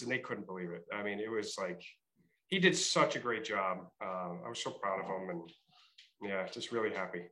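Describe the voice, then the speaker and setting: Brief: middle-aged man, New England accent, bright forward tone, chatty guest who tells stories. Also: on the low side, a little fast, reverberant, poor audio. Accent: Massachusetts and Rhode Island. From Massachusetts. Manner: chatty storyteller, many fillers and restarts. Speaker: state trooper, interview guest. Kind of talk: casual interview.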